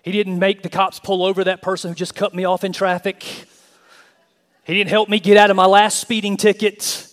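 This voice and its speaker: A male pastor preaching a sermon in an animated, emphatic way with touches of humor. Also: sits high, normal speed, big-room sound.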